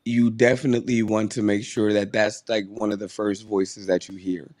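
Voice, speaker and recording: A man co-hosting a podcast, chatting excitedly and repeating himself for emphasis. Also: lowish voice, normal speed, no room sound, studio quality. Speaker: podcast co-host. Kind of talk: casual chat.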